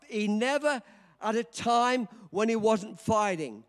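An older man in his seventies preaching a sermon, telling a story with dramatic swings from quiet to shouting. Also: high-pitched, expressive, slow. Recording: long reverb of a large hall.

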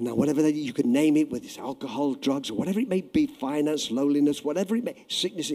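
A male preacher giving an impassioned sermon in a church, swinging from loud declarations to hushed, intimate prayer. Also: a little high, fast talker, hardly any pauses, husky. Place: church hall. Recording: echoey hall.

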